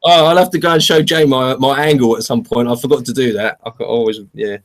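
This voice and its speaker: A man's voice: mid-range voice, steady tone, fast talker. A man hosting a casual online chat, rambling through anecdotes and laughing easily. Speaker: livestream host.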